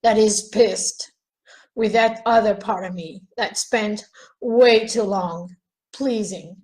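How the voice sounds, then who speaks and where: A woman's voice: mid-range voice, fairly even intonation, slow, a little mellow, poor audio. A woman giving a raw, profane self-help monologue on a live video, questioning herself aloud.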